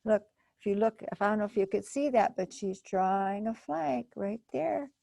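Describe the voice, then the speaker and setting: A woman librarian reading a storybook to children, gently asking them questions as she goes. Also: mid-range voice, moderate pace, gravelly, no room sound. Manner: gentle, asks children questions, soft gasps. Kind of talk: children's storytime read-aloud.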